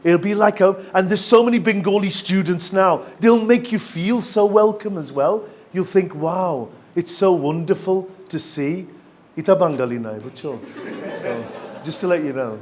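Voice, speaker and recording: A man with a Sylheti accent talks through a student workshop at a rapid clip, his voice sitting a little high. He is chatty and eager and keeps checking that his listeners follow. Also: a little mellow. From Bangladesh, Sylhet region. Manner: chatty and enthusiastic, asks for agreement often. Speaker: university lecturer giving a workshop talk. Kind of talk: lively presentation to students.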